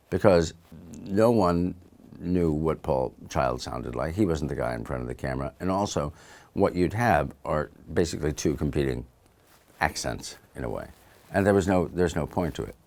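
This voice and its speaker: Very deep-voiced man, thoughtful and unhurried. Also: gravelly. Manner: thoughtful, unhurried, trails off softly. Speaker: actor and author being interviewed. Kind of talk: relaxed conversational interview. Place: audiobook recording studio. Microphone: studio microphone.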